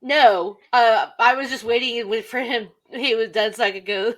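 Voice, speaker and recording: A woman's voice: fairly high pitch, moderate pace. A woman hosting a casual podcast chat, giggling and acting out lines she loves. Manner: giggly, acts out quotes. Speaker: podcast host.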